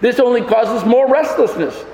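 A man's voice: very high-pitched, expressive, normal speed, vocal fry, darkish tone, a little hiss or hum. A man pastor preaching a sermon in a church, emphatic, with many rhetorical questions. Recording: echoey hall with long reverb.

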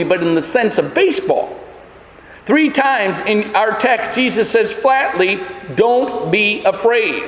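Male pastor, high voice, emphatic sermon delivery, long church reverb. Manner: emphatic, rises in pitch on fearful lines, wry asides. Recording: echoey church hall.

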